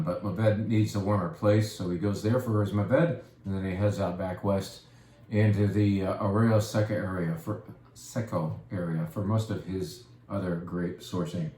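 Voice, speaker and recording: A man's voice: low-pitched, fairly even intonation, unhurried, dark tone. A man hosting a casual wine presentation, chatty and playful with self-deprecating asides. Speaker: wine shop host. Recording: echoey room with faint ambience.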